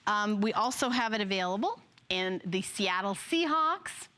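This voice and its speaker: A woman's voice: mid-range voice, lively intonation, moderate pace, bright, forceful tone. A woman in her fifties hosting a live home shopping show, chatty and rambling, often correcting herself and laughing along the way. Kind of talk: live product presentation.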